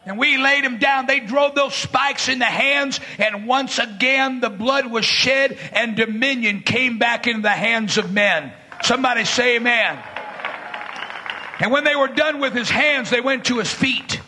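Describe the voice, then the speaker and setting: Man, preacher, very high voice, fiery sermon, shouted bursts. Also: measured pace. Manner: shouting bursts, dramatic retelling with voiced quotes.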